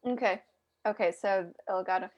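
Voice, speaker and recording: A woman's voice: medium pitch, moderate pace, lo-fi sound, a little hiss or hum. A woman hosting a casual live video chat, talking straight to her viewers with lots of restarts, over a video call mic. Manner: chatty, addresses viewers directly, many restarts. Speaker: host.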